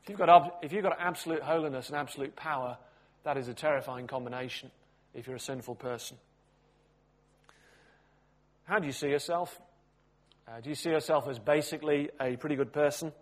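Male preacher, slightly higher voice, expressive storyteller with dramatic loud and soft swings. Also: a little fast, long pauses. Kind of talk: sermon.

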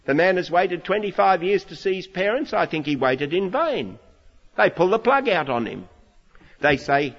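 A man's voice: sits high, sing-song, normal speed. A man with an Australian accent preaching a sermon, retelling a story with dramatic, voiced quotes. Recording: lo-fi reverberant hall recording.

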